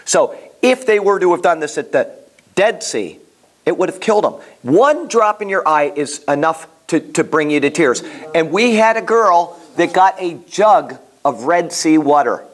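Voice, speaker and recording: A man teaching a Bible class in a casual, animated way, telling stories and often restarting his sentences. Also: a little high, normal speed. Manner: animated, storytelling, repeats himself, many restarts.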